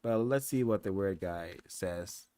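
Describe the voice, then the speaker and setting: A male host speaks slowly and deliberately in a slightly low voice, earnest and emphatic. The sound is dry and close, with no room around it. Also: mellow, clear, resonant tone, no room sound. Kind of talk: commentary.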